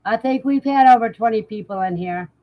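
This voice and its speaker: A woman's voice: on the high side, lo-fi sound. A woman hosting a livestream, casually reading out viewers' comments and answering them, laughing often. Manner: unhurried, chatty, laughs often. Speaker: livestream host.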